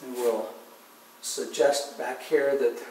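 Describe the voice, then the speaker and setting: A man giving a relaxed painting demonstration, talking softly and unhurriedly, often trailing off quietly as he works. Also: medium pitch, takes it slowly, a little hiss or hum. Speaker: painting instructor. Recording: distant mic in an echoey room with faint ambience.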